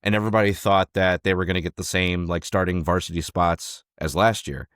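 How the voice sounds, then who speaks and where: A young man with a fairly low voice tells a story from his coaching days in an easy podcast chat. He talks animatedly, acting out what people said and swearing freely. The sound is dry and close, with no room around it. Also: steady tone, brisk, fairly bright tone, clear, resonant tone, no room sound. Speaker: podcast co-host, former youth wrestling coach.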